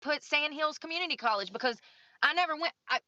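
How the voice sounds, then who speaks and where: Bright-voiced swearing woman on stream. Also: sits high, lively intonation, quick pace, dry recording, muffled recording. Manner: frustrated, swears a lot, talks to herself. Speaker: streamer filling out a form on stream. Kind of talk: casual rambling stream talk.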